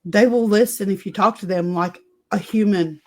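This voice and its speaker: A woman's voice: mid-range voice, normal speed, darkish tone. Candid storytelling middle-aged woman. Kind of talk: casual chat.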